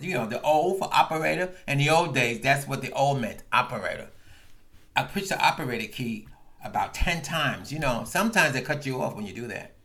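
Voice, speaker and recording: A man hosting a podcast, delivering a comedic angry rant that swings from calm narration to bursts of yelling. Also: medium pitch. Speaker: podcast host.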